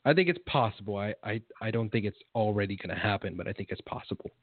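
A man's voice: lowish voice, expressive, fast talker, slightly rough. A man co-hosting a casual sports chat, hesitant and skeptical, often repeating himself, over tinny phone-like audio. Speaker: co-host.

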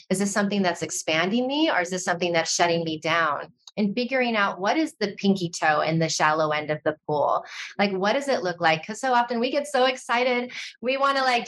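A woman talking as a podcast guest in a casual, animated way, often saying "like". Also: medium pitch. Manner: animated, frequent fillers like "like".

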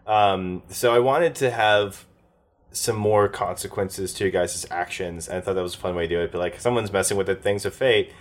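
Deep-voiced rambling game master. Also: male voice, moderate pace. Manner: rambling, many fillers and restarts. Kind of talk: casual post-game chat.

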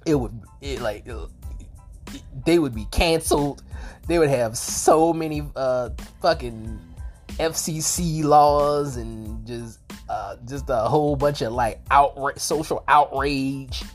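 A woman's voice: very deep voice, slow pace, a little mellow, faint music behind. A woman with a sore throat giving a rambling, casual movie review, swearing freely and restarting her sentences.

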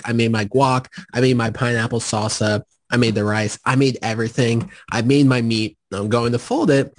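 A man's voice: mid-range voice, dry recording. Jokey man podcast co-host, dry mic. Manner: jokey, animated storyteller, boastful in jest. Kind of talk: casual podcast chat.

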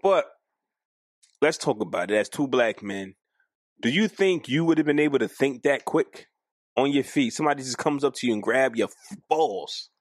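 A man co-hosting a casual podcast, animated and argumentative, often jumping up in pitch for emphasis. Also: normal speed, no echo, clean studio sound. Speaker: podcast co-host.

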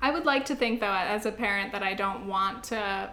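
A woman co-hosting a casual couple's podcast who laughs often and swears casually; her voice turns shrill when she stresses a point. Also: normal speed, bright, forceful tone. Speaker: podcast co-host. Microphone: studio microphone.

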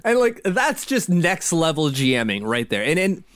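A man's voice: on the high side, sing-song, normal speed, a bit bright, no room sound, studio quality. A man co-hosting a sports podcast in casual chat, rambling with many restarts. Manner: rambling, frequent restarts and laughs. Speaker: podcast co-host.

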